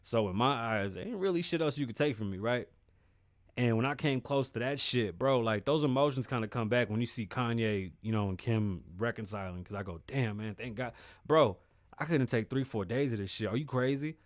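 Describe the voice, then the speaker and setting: A man's voice: mid-range voice, fairly quick, dry recording, clean studio sound. A man hosting his own show, talking candidly about feelings and relationships in casual, profane street slang. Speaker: podcast host. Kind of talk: casual solo commentary.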